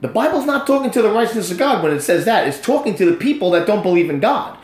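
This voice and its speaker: A man in his fifties telling his faith story in an animated, preacher-like way during a conversation. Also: sits high, quick pace, roomy sound. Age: 50s. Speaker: guest.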